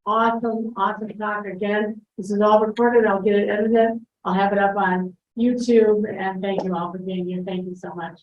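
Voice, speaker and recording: A woman's voice: medium pitch, fairly even intonation, normal speed, few pauses. A woman hosting a talk, chatty and enthusiastic. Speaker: host. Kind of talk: casual chat. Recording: echoey, dull lo-fi sound.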